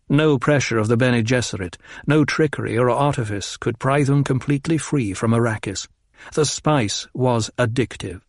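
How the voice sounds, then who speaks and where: A man reading a novel aloud as an audiobook narrator in a measured, calm delivery. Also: medium pitch, no room sound, studio quality. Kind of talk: scripted narration.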